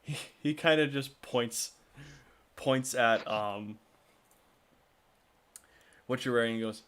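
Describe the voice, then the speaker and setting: A man as game master narrating a tabletop game in a casual, halting way. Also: mid-range voice, a bit bright, a little hiss or hum.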